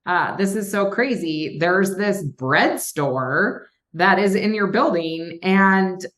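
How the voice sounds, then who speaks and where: A woman's voice: lowish voice, slow pace, fairly bright tone. A woman from Minnesota, a real estate investor chatting casually on a podcast and acting out her phone calls as she tells stories. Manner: chatty, storytelling, acts out quoted phone calls.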